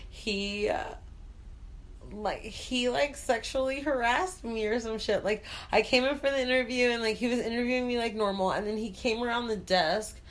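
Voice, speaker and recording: A woman's voice: on the high side, moderate pace. A woman hosting a talk show, a bubbly, chatty storyteller who speaks frankly and swears freely. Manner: frank and profane. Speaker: host. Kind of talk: casual chat.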